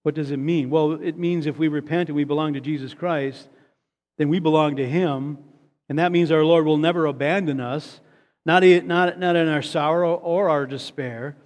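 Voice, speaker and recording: A man's voice: on the high side, fairly even intonation, normal speed, darkish tone. A man preaching a sermon earnestly, often repeating a word as he builds to a point. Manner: earnest, repeats words when stressing a point. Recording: long hall reverb.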